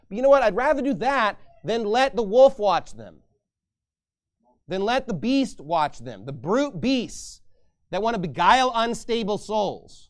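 High-voiced man preaching emphatically. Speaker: pastor. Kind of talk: sermon.

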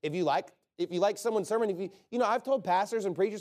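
A man preaches a sermon in a fairly high voice. He talks in a conversational, emphatic way and keeps asking rhetorical questions, then answers them firmly. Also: quick pace, darkish tone.

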